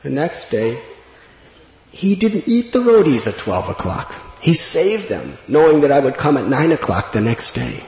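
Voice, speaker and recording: A man telling a devotional story in an earnest, reflective way, laughing gently at times. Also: medium pitch, very animated, a little slow. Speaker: spiritual speaker. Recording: dull lo-fi recording in an echoey hall with long reverb.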